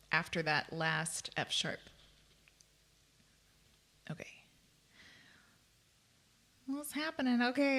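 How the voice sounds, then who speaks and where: A woman teaching ukulele in a live-streamed lesson, chatty and self-deprecating, often laughing between explanations. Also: on the high side. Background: her own ukulele playing.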